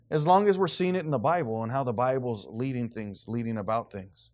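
A man preaching to his congregation as pastor. He reads scripture in a slow, deliberate way. Between readings he talks plainly and conversationally, with an easy, informal manner. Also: mid-range voice. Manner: reads scripture slowly and deliberately, then talks casually with laughs. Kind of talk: sermon.

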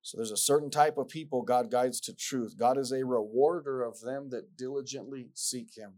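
In a mid-range, slightly mellow voice with fairly even intonation, a man delivers a sermon at normal speed. Emphatic throughout, he repeats lines, asks rhetorical questions, and reads King James scripture aloud.

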